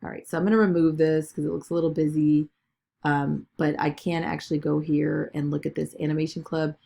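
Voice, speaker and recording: A woman with a deep, slightly gravelly voice talks casually through a screen-recorded tutorial. She narrates each click as she goes, peppering it with "okay" and "all right." It sounds like a desk mic at a computer. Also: level tone, brisk, warm tone. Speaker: business video tutor.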